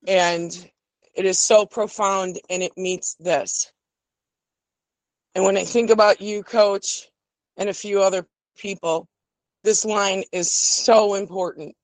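A woman's voice: medium pitch, steady tone, slow, dry recording, low-quality recording. A woman calling in to a talk show who speaks earnestly and gets emotional. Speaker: caller. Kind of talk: call-in talk.

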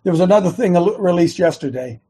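A man hosting a talk show, speaking in an earnest, casual monologue that builds into fervent shouting, wearing earbuds. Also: sits high, expressive, fast, husky. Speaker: show host.

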